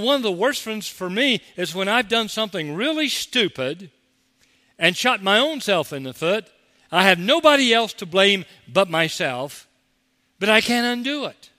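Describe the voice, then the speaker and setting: Male pastor, conversational sermon, mocks whiners in quoted voices; bright tone, reverberant sanctuary. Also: sits high.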